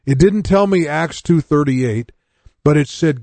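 A sixty-something preacher gives a personal testimony sermon, recounting his conversion in a plain, earnest way and addressing his listeners directly. His voice is on the high side, expressive and a little mellow, and he speaks a little slowly, with no room sound.

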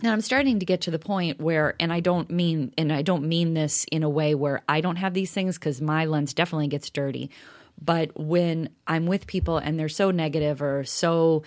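A middle-aged woman with a low voice co-hosts a relaxed podcast. She talks in an earnest, reflective way, often stopping to restart a sentence as she works out her point. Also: moderate pace. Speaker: podcast co-host. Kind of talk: casual conversation.

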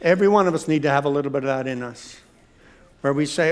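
A male preacher giving a sermon, emphatic and animated, telling humorous stories and repeating phrases. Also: a little high, quick pace.

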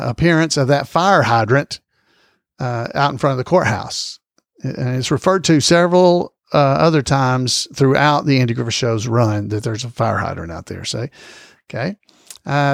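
A man's voice: mid-range voice, expressive, moderate pace, creaky, dry recording, clean studio sound. A male podcast host chatting casually about trivia, rambling with lots of fillers and small chuckles.

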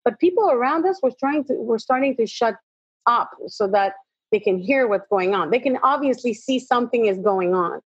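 A woman's voice: on the high side, normal speed, slightly rough, no room sound. A middle-aged woman, a motivational speaker, telling her personal story as an interview guest and acting out the dialogue. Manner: animated storytelling, acts out dialogue. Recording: dull lo-fi audio.

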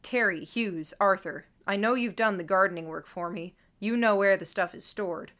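A composed church shepherd calls out firm, sensible instructions, lifting his voice to carry over the crowd, voiced by a woman reader. He sounds steady and in command, a leader people can rally to in a storybook scene. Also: medium pitch, moderate pace, lightly acted. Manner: firm, raised, giving clear orders.

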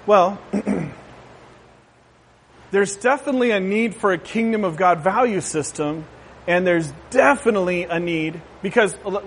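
A pastor preaching a sermon in a conversational way, often checking with listeners and adding jokey asides. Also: male voice, sits high, slight background noise. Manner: conversational, asks the crowd "right?".

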